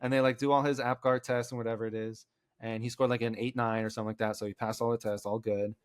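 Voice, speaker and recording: A man recounts a story to his friends in a loose, rambling way, full of "like"s, and slips into the voices of people he quotes. His pitch sits mid-range. The sound is dry and close, with no room around it. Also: little pitch movement, fast, smooth, no room sound. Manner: rambling, acts out quotes, many "like" fillers. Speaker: podcast co-host. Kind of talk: casual storytelling among friends.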